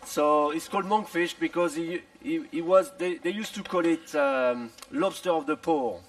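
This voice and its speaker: A middle-aged man from France explaining a dish at a festival cooking demonstration, with many halting restarts and repeated words and dry jokes. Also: on the high side, recorded from a distance, low-quality recording. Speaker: chef.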